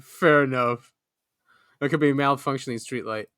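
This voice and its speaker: Male podcast host, casual and jokey, mid-pitched, dry. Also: steady tone, moderate pace, sharp tone, clean tone, dry recording. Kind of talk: casual chat.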